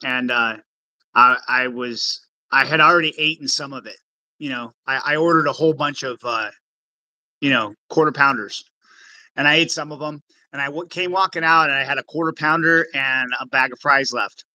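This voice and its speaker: A man in casual conversation, an animated storyteller who acts out the people in his stories. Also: mid-range voice, normal speed, dry recording, low-quality recording.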